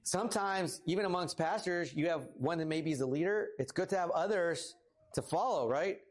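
A man in his thirties preaching a casual sermon as pastor, lively and talkative, rising for emphasis. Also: moderate pace. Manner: casual, animated, rises in pitch for emphasis. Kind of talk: conversational sermon.

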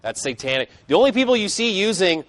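A man's voice: sits high, very animated, fast, a bit bright, no room sound. A man preaching a sermon, emphatic, with casual conversational asides between scripture readings. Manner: emphatic, conversational asides, rising and falling intensity.

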